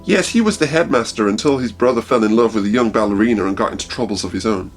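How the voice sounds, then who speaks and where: A man's voice: on the low side, quick pace, faint music behind, lightly acted. A man reading a fan story aloud, voicing a gossipy young woman of about twenty-five in a lightly raised, prim voice. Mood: chatty.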